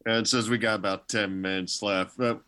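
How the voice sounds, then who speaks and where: A man's voice: fairly low pitch, fairly even intonation, fairly quick, bright, forceful tone, clean tone. A man hosting a casual interview show, enthusiastic and easygoing as he steers the conversation. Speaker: podcast host.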